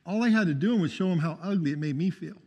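A man with a notably high voice preaches his testimony with fervor and keeps calling out for amens. The sound carries a long reverb, as if from a church hall. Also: fast, warm tone. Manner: fervent, calls out for amens. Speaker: testimony speaker.

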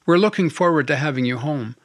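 A man voicing a cautious, earnest middle-aged wife on the phone in an audiobook, measured and gently insistent. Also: on the high side, lightly acted. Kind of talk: audiobook character voice.

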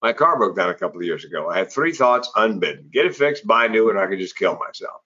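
A middle-aged man with a low, husky voice tells stories as an interview guest, slipping into the voices of the people he quotes. He comes across as a practised stage talker, and the sound is a little dull and lo-fi. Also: fast. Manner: animated storyteller who acts out quoted voices. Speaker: public speaker and former comedian, interview guest. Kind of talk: conversational storytelling in an interview. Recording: slightly dull, lo-fi audio.

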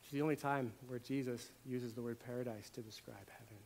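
A man preaching a sermon, swinging between hushed, quiet lines and loud, emphatic ones, often repeating words for emphasis. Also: mid-range voice, fairly even intonation, brisk, gravelly, a little hiss or hum.

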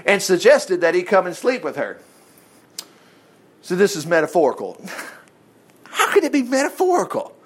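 A man with a high voice teaches a Bible study. He reads scripture aloud and breaks off into folksy exclamations and rhetorical questions. His pitch swings widely from line to line. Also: wildly swooping pitch, moderate pace, long pauses, husky. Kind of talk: reading scripture aloud with running commentary.

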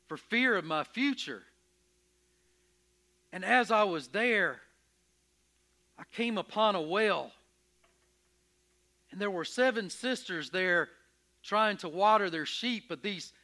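A man playing Moses in a dramatic first-person sermon, telling his story with emphatic, expressive energy and stammering when anxious. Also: high voice, full character voice. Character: Moses, earnest, stubborn, curious shepherd. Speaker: preacher in character.

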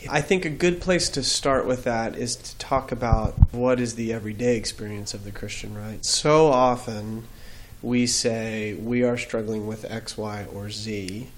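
A man's voice: fairly low pitch, measured pace, a little hiss or hum. A man, a guest on an interview show, telling his faith story in an earnest, reflective way.

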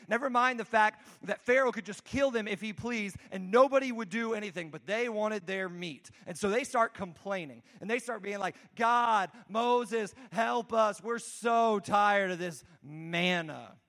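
A man's voice: high-pitched, a bit bright. A man preaching a conversational sermon, telling the story casually with frequent restarts and asides. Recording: long hall reverb.

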